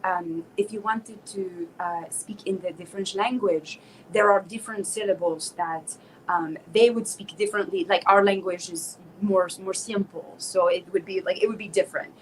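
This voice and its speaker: A woman's voice: mid-range voice, steady tone, moderate pace, slight background noise, rough recording. A woman from South Florida, a singer and instructor, talking animatedly and playfully as a guest in a casual interview.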